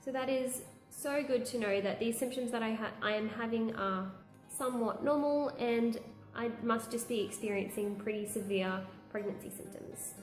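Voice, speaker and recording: A woman's voice: a little high, normal speed, echoey room, faint music behind. A young woman, chatting candidly through a pregnancy update vlog and laughing now and then. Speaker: vlogger. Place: room at home.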